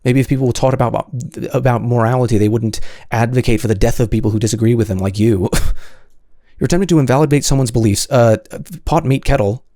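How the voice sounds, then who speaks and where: A man's voice: medium pitch, brisk, mellow, no room sound, studio quality. A man hosting solo commentary, answering comments in an exasperated, sarcastic way with many stammered restarts.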